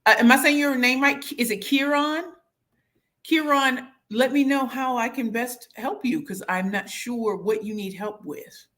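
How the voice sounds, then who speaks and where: Bright-voiced lively woman hosting a livestream. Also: on the high side, measured pace. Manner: lively, playful, bursts into sing-song and shouts. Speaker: livestream host reading comments. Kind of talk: casual live chat.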